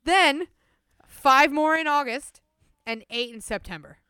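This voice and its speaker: A woman's voice: sits high, unhurried, no echo. A young woman co-hosting a podcast, telling a story in casual chat and laughing often. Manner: laughs often, lively narration. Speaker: podcast co-host.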